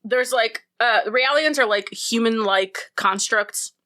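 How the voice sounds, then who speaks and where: A woman's voice: a little high, unhurried, sharp tone. A woman co-hosting a casual podcast, rambling and swearing in a joking way while drooling from spicy wings. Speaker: podcast co-host. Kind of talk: casual chat while eating hot wings.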